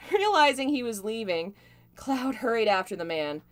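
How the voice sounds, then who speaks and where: A woman reading fan fiction aloud on a live stream. Her pitch jumps around with an animated, expressive lilt. She reads in an amused tone and keeps stepping out of the text to comment. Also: moderate pace. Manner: amused, laughs and breaks off to comment. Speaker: fanfiction reader.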